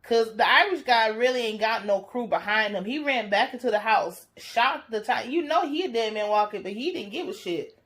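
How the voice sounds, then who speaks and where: A woman giving a blunt, profane, animated recap of a TV episode in casual commentary. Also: on the high side, moderate pace. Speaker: TV reaction reviewer.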